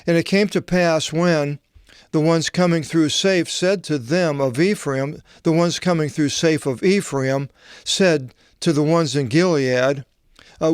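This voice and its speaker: A man, a Bible translator, reading scripture aloud with meandering, halting commentary and asides. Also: a little high, smooth, no echo, clean studio sound.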